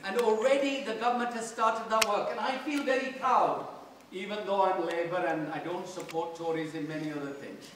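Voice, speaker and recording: A British parliamentarian giving an earnest fundraising speech at a charity dinner, speaking in halting phrases. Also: male voice, high-pitched, background noise. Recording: echoey hall from far off.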